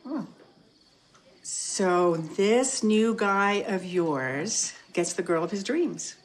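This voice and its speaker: An actress playing a calm, gently probing middle-aged mother in a romance film. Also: medium pitch, extremely slow. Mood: gentle. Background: film score.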